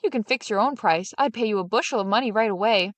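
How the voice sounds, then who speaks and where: A woman voicing a gullible, easily frightened farmer who speaks in excitable, fearful bursts, in a storybook reading. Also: medium pitch, fast, no room sound, close to an everyday voice. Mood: pleading.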